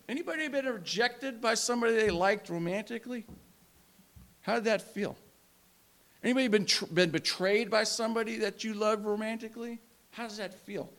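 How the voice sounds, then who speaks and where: A man preaching a sermon with passion, swinging between loud emphasis and hushed, quiet moments. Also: high voice. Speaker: pastor.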